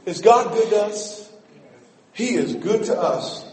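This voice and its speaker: High-voiced preacher in an echoey hall. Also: male voice, slow. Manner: animated, shifts between shouting and quiet asides. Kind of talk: sermon. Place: church sanctuary. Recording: echoey hall, mic at a distance.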